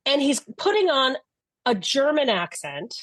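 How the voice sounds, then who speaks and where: A woman's voice: sits high, sing-song, a little slow, fairly bright tone. A woman co-hosting a podcast, recapping a show in casual chat with blunt, sarcastic remarks. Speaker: podcast co-host.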